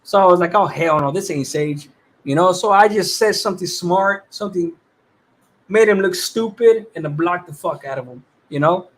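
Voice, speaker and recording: A man's voice: high voice, moderate pace. A man hosting a casual livestream, greeting viewers by name in laid-back slang with plenty of swearing. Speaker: livestream host.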